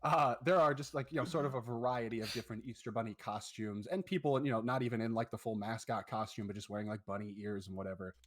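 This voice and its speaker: Male game master, mid pitch, loose descriptive narration of a tabletop game. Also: quick pace, hardly any pauses.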